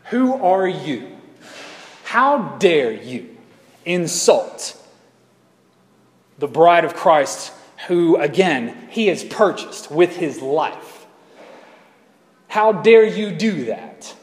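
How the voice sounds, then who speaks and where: An indignant Jesus, played by a male preacher, fires off slow, stern questions at a churchgoer. The voice sits a little high and comes through with a long, roomy echo, as if from a church hall. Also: sing-song, full character voice. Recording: echoey hall reverb.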